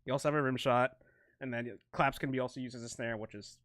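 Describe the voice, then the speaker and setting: Bright-voiced young man rambling while producing. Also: medium pitch, fairly even intonation, fast, dry recording, studio quality. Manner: rambling, self-interrupting, laughs often. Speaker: music producer streaming. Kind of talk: casual live-stream talk while producing.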